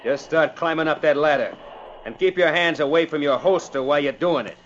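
An actor playing a tough, bossy outlaw gang leader in an old radio drama, gruff and threatening. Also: male voice, a little high, fairly quick, natural voice. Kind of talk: 1950s radio drama acting. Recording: dull old radio recording with faint hiss.

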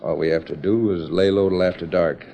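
A man's voice: deep voice, fairly even intonation, brisk, vocal fry. An actor playing a smug male outlaw in a 1940s radio drama, gloating and snickering.

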